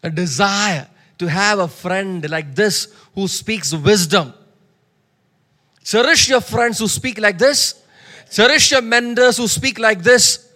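A man's voice: high-pitched, slow, pushed and bright. A male preacher who gives a sermon in an emphatic way, repeating phrases and calling on listeners to respond. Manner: emphatic, repeats lines, calls for audience response.

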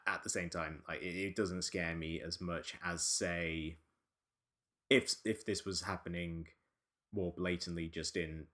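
A man's voice: sits low, a bit bright. A man hosting a casual podcast discussion, talking in rambling, wry runs with frequent restarts. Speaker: podcast host.

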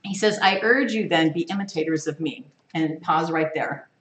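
A woman teaching a Bible study, reading scripture aloud with lively, emphatic stress. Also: low voice, normal speed. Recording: echoey room.

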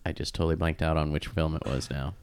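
A man's voice: very deep voice, fairly even intonation, fast, slight background noise. A man co-hosting a podcast, recounting stories in casual chat. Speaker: podcast co-host.

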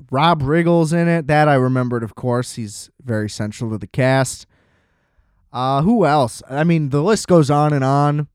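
A man's voice: on the high side, a little mellow, clean tone, no room sound, clean studio sound. A man hosting a podcast, ranting in a casual, exasperated and profane way. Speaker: podcast host. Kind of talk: casual solo podcast rant.

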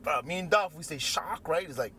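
A man's voice: a little high, fast talker, slight background noise. A man with a Hawaiian Pidgin accent casually telling a story, acting out sounds and voices and sometimes dropping to a near whisper. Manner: animated, acts out sounds and quoted voices, drops to near-whispers.

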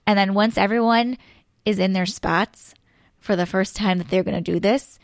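A woman's voice: medium pitch, normal speed, no room sound. A woman, an elementary school teacher, explaining classroom routines step by step in casual chat, full of "so, like" fillers.

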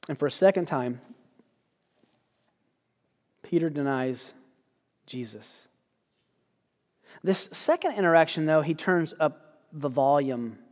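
A guest preacher giving a sermon, telling the story in a lively way and acting out quoted lines. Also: male voice, on the high side, slow, long pauses, in a large hall.

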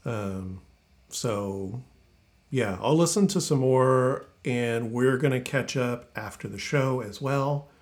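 A man hosting a podcast in a casual, laid-back chat, often trailing off into drawn-out fillers. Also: mid-range voice, darkish tone. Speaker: podcast host.

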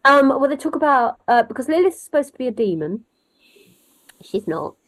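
A woman storyteller chatting in an interview, wry and animated, wandering off on tangents. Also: high voice, brisk, low-quality recording. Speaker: storyteller guest. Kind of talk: conversational interview.

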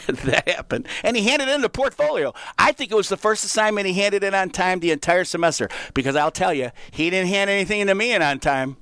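A man's voice: on the high side, expressive, a little fast, creaky, a bit bright, no room sound. A man hosting a radio segment, telling a story in a folksy way and talking to listeners as folks. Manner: folksy, addresses listeners as folks, acts out voices in stories. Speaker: radio show segment host, teacher. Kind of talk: storytelling on a talk show.

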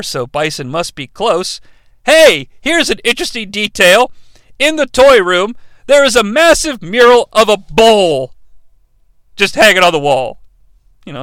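A man hosting a comedic movie recap, sarcastic and excitable, swearing casually. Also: sits high, no echo. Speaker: movie reviewer host.

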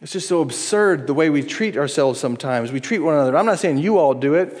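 A middle-aged man preaching a sermon as pastor, earnest and pleading, moving between hushed appeals and lively acted-out asides. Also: fairly high pitch, quick pace. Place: church sanctuary. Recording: long reverb in a large hall.

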